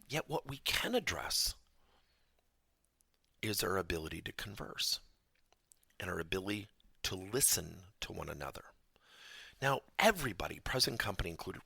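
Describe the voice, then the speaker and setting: A man with a gravelly, bright-edged voice delivers a podcast lesson. His pitch swings widely as he tells stories, and the sound is dry and close, with a husky grain. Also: no echo. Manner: animated storytelling, acts out dialogue in raised voice. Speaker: podcast host and trainer.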